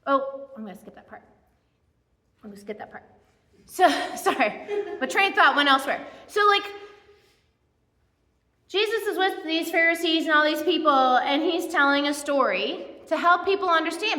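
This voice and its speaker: Woman pastor, bright high voice, chatty sermon style, echoey church hall. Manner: chatty, self-deprecating, many asides and fillers. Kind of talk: conversational sermon.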